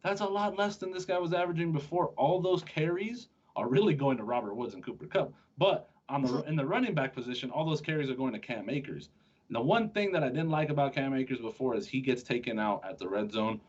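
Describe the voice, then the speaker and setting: A man with a slightly husky voice hosts a casual sports show, talking fast and joking with his co-host. The recording sounds dull and lo-fi. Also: medium pitch, lively intonation. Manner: chatty, joking, quick-talking with restarts. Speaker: podcast host.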